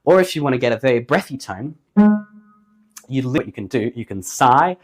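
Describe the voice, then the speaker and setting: A man teaching a singing lesson in a casual, chatty way. His voice sits at an ordinary mid pitch, and he slips in playful jokes about himself as he explains how to change vocal tone. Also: lively intonation, moderate pace, pauses often, soft background music. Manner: demonstrates singing tones between explanations.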